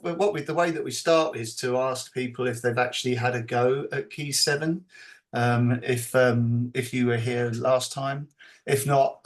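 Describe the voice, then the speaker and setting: A man presenting a teacher training session over a video call, explaining slowly and acting out classroom dialogue. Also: medium pitch.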